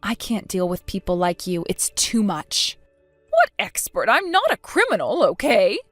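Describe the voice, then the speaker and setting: A woman's voice: mid-range voice, wildly swooping pitch, a little slow, no echo, faint music behind. A woman voicing a scheming, spiteful elderly grandmother in a texting story, talking defensively and full of self-pity. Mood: indignant. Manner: defensive, indignant, self-pitying.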